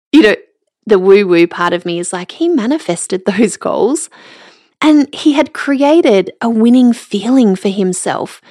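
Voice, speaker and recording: A woman's voice: fairly high pitch, no echo, clean studio sound. A middle-aged woman hosts a podcast and tells a personal story. She laughs often while she talks. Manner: warm, laughs often while telling stories. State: emotional, near tears. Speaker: podcast host.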